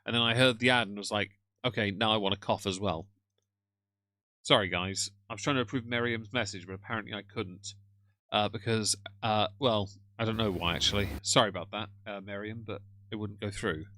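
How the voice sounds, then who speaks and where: A man hosts a live stream with a sardonic, mocking tone, chatting freely to his viewers. His voice sits on the low side yet sounds bright and forward. The recording is dry and close, with no room sound. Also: fairly even intonation, a little fast, no room sound. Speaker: livestream host. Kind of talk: casual live-stream commentary. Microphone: headphones on, moderating chat from a phone.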